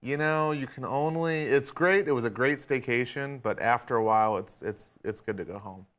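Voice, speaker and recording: A man's voice: medium pitch, normal speed, a bit bright. Easygoing man explaining sports. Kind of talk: casual chat.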